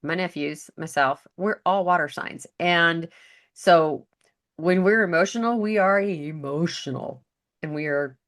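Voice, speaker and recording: A woman's voice: fairly low pitch, measured pace. A woman co-hosting a podcast, chatting casually and chiming in often. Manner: chatty, agreeable, jumps in often. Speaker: podcast co-host. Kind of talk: casual chat.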